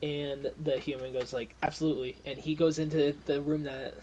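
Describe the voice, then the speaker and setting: A man's voice: fairly high pitch, little pitch movement, moderate pace, warm tone, dull audio, a little hiss or hum. A young man acting as game master, narrating a tabletop game in a loose, rambling way with many fillers. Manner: rambling, filler-heavy, often laughing.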